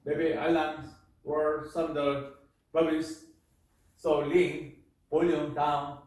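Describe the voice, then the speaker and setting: A man lecturing a class in halting, repetitive English. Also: fairly high pitch, little pitch movement, a little mellow. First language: Korean. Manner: halting, repetitive, broken phrasing. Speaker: university lecturer. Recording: echoey room, mic far off.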